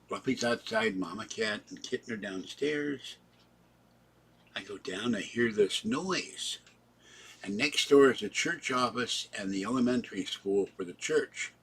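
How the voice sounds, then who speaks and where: Husky-voiced man rambling through a story. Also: on the low side, measured pace. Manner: rambling, recounts events in present tense and acts out the quarrel; breaks off to talk softly to his cats. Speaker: vlogger. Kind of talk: casual spoken storytelling.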